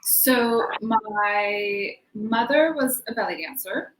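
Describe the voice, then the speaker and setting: A woman's voice: mid-range voice, takes it slowly, a bit bright, reverberant, poor audio. A woman speaking as a dancer guest in a casual interview, chatty and laughing often, with many fillers, on a video call from home. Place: home room in Sweden.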